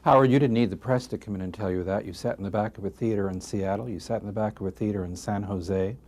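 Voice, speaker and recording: Low mellow-voiced male interviewer. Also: fairly even intonation, fast. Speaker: interviewer, host. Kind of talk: interview questions.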